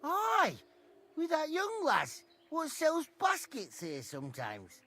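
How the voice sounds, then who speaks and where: A man's voice: extremely high pitch, huge pitch swings, takes it slowly, sharp tone, full character voice. A man voicing a blunt village hog herder in a video game, speaking in a rustic dialect and swearing freely. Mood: wary.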